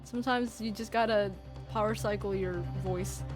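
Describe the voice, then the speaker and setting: A woman's voice: mid-range voice, steady tone, moderate pace, faint music behind. A woman streamer in casual chat who talks through a voice changer filter, giggling often and rambling in a self-deprecating way.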